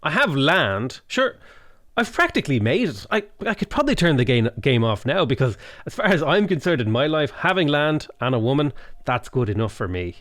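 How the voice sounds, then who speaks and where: A man's voice: on the high side, sing-song, fairly quick, fairly bright tone, no room sound, clean studio sound. A man commentating a strategy game, joking and rambling through asides and breaking off mid-sentence. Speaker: gaming YouTuber.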